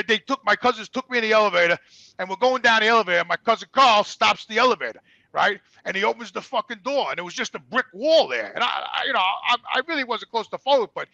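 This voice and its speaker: A man telling animated, profane stories as a guest in casual conversation. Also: high voice, quick pace, vocal fry, dry recording, muffled recording. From New York. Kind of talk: casual storytelling.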